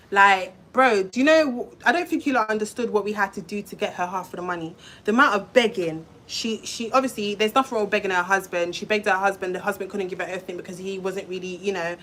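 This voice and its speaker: A young woman tells a casual storytime, rambling through fillers and the odd swear word. Her voice sits at an everyday middle pitch, and a faint hum of room ambience lies under it. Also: a little fast, fairly bright tone. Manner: chatty, swears, lots of fillers and restarts. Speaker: vlogger telling a story.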